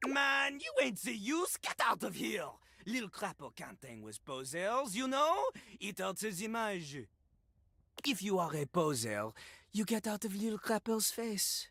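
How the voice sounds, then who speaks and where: A man's voice: high-pitched, big pitch swings, a little slow, creaky, no echo, clean studio sound, heavily acted. A man voicing a cocky male toilet that raps in rhyme over a beat in a video game. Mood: dismissive. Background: loud hip hop beat.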